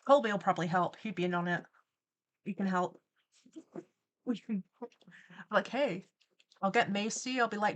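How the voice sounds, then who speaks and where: A woman's voice: medium pitch, moderate pace, long pauses. A young woman, chatting casually on a livestream as she animates, playfully spinning theatrical mock-villain tangents. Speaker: streamer and animator.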